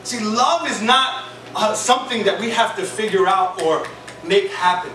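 A pastor with a high-pitched voice preaches a sermon at normal speed in a church sanctuary, telling stories conversationally and humorously while drawing responses from the congregation. The recording comes from far off in an echoey hall, with music.

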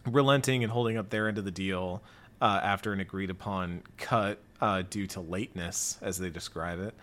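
Low-voiced man hosting a chat. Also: normal speed. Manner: relaxed, recaps the story at length. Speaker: podcast host. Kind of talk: casual chat.

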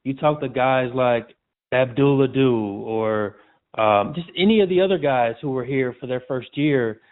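A man's voice: medium pitch, unhurried. A man as a podcast guest, chatting casually with frequent restarts and calling the host "man". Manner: casual, repeats and restarts, says "man" often. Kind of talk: casual interview chat. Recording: tinny phone-like audio.

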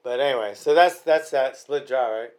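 A man's voice: medium pitch, moderate pace. A man chatting casually about fights as a podcast host, rambling and restarting his sentences often.

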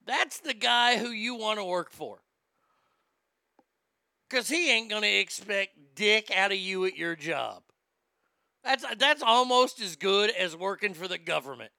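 A man's voice: sits high, expressive, a little slow, creaky, sharp tone, dry recording, studio quality. A man hosting a comedic rant, profane, mocking and rambling.

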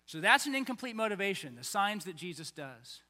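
A man preaching a conversational, animated sermon as pastor, acting out little voices along the way. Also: high-pitched, brisk. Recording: long hall reverb.

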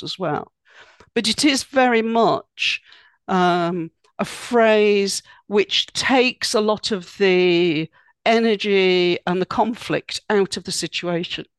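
A woman talks through practical advice as a podcast guest. She explains things casually, filling pauses with "um" and "you know". Her voice is recorded close on a dry, roomless mic. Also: fairly low pitch, dry recording. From United Kingdom. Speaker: guest expert.

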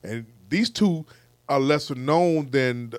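A man's voice: mid-range voice, slow pace, dry recording. A man hosting a casual podcast, blunt and opinionated, swearing freely as he talks. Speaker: podcast host.

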